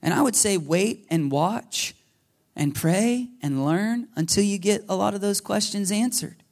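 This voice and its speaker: Animated pastor preaching a sermon, man. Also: sits high, a little slow. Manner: animated storytelling, acting out dialogue with God. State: a little emotional.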